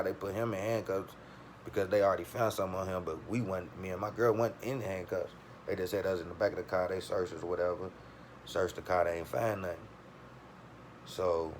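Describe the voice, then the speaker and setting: Man, low voice, loose and profane storyteller, faint noise in the background. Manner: streetwise, profane, animated retelling with quoted voices. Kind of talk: casual storytelling.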